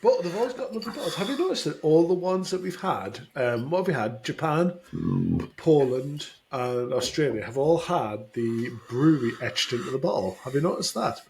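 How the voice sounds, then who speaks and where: A man co-hosting a casual podcast chat, rambling and self-deprecating with halting restarts. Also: on the high side, lively intonation, darkish tone, slight background noise. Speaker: podcast co-host.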